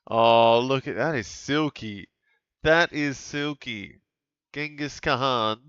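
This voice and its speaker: A man casually commenting on a live football game for his stream, chatty and relaxed, with sudden bursts of excitement at big plays. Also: medium pitch, slow pace, clean tone, no room sound, lo-fi sound. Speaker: fantasy football streamer calling a live watch-along.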